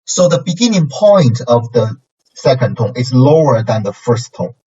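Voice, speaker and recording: A man with a Chinese accent gives a pronunciation lesson, patiently repeating syllables with exaggerated tones. His mid-range voice swings widely in pitch at a moderate pace, with a dark, slightly rough tone. A distant, dull lo-fi mic picks him up.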